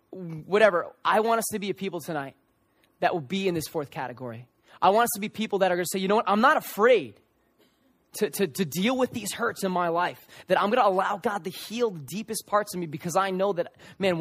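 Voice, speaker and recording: A young male pastor with a high voice gives a sermon to a live audience. He talks earnestly, tells stories with energy and often restarts his sentences. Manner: earnest, animated storytelling with many restarts. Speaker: youth pastor. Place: church service room before an audience.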